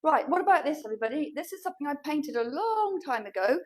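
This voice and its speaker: A woman's voice: sits high, expressive, quick pace, darkish tone, low-quality recording. A woman running a shop, chatting and rambling on a live stream as she walks through her shop. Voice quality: chatty, rambling, self-deprecating. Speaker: shop owner. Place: furniture shop, indoors.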